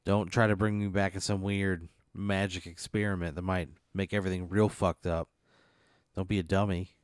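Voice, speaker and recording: Low-voiced man, exasperated and profane. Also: level tone, normal speed, no echo, clean studio sound. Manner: exasperated, swears freely. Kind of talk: casual chat.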